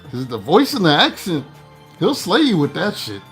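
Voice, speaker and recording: Chill talkative guy, kinda high-ish voice, slangy tarot host, faint music under him. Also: huge pitch swings, normal speed, a bit bright. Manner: laid-back, slangy, talkative. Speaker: tarot reader and channel host. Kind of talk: casual chat and spoken blessing.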